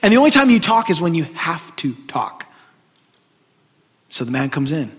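A man preaching a sermon, an animated and joking storyteller. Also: on the high side, normal speed, slightly rough. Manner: animated, joking storyteller who often laughs. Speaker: pastor. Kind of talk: sermon with humorous stories. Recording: long hall reverb.

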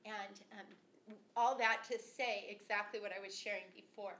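A woman's voice: mid-range voice, steady tone, moderate pace, a bit bright. An older woman, a grandmother, talking casually and earnestly, telling a family story and quoting what she said. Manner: earnest storyteller, quotes her own past words. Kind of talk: casual conversational talk.

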